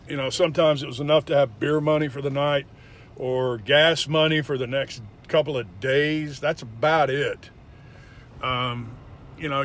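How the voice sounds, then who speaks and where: A man's voice: fairly high pitch, slight background noise. A young man bluntly telling a personal story, with frequent swearing and emphatic retellings. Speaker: former indie wrestler.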